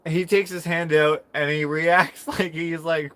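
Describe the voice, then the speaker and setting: Slow, bright-voiced man telling a story. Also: fairly high pitch, steady tone. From Canada. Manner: rambling, keeps laughing mid-story. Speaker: livestream host. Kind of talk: casual storytelling on a livestream.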